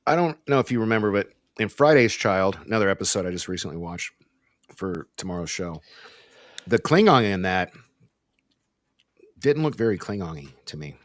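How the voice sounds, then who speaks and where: A man's voice: sits low, sing-song, moderate pace, long pauses, no echo, studio quality. A man from the United States on a casual movie review panel, wry and teasing, throwing in questions.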